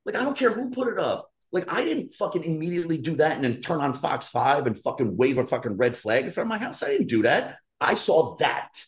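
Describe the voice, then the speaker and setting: A man's voice: fairly high pitch, fairly quick, hardly any pauses. A man co-hosting a casual podcast, ranting with lots of swearing and heated storytelling. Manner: profane, animated ranting. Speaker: podcast co-host.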